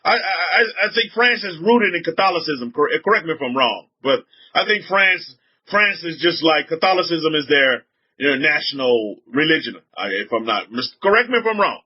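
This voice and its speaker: Speaking at normal speed in a somewhat high, animated voice, a man from the Southern United States leads an informal religious talk for a group. The recording is muffled. He restarts a lot, says things over again, and pelts his audience with rhetorical questions.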